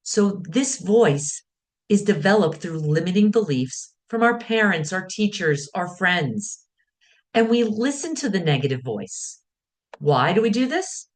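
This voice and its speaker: Woman wellness teacher, calm guided talk, measured phrasing, voice rising and falling widely. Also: mid-range voice. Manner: calm, guiding, speaks in short measured phrases. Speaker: wellness speaker.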